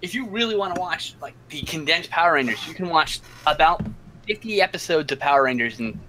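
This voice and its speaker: A blunt, sarcastic man holds forth in a casual chat, swearing freely. His voice sits a little high, with a bright edge. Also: expressive, a little fast, a little hiss or hum, rough recording.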